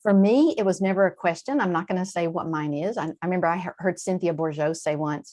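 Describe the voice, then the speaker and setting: A woman with a slightly low voice talks through ideas in a relaxed interview. She explains with animated asides, jumping up in pitch on quoted lines and then settling back down. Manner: animated, warm-hearted explaining with quick asides and laughs. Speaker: translator and guest. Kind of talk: conversational interview.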